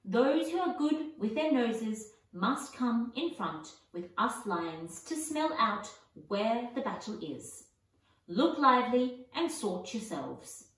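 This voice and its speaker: A woman's voice: on the high side, big pitch swings, slow pace. A woman voicing a majestic male lion who gives orders in a commanding way. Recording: echoey, distant mic.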